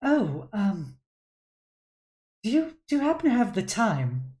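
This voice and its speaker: A woman voicing a sinister, overly polite middle-aged woman who speaks smoothly. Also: medium pitch, very animated, slow, a little mellow, roomy sound, voice pushed up. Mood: sweetly menacing. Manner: smooth, courteous, menacing.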